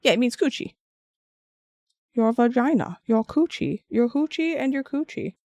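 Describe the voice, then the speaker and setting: Chatty woman, slightly high voice. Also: lively intonation, moderate pace, darkish tone, dry recording. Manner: chatty and rambling, answering chat with frequent restarts. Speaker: craft streamer. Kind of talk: casual chat while sculpting and painting.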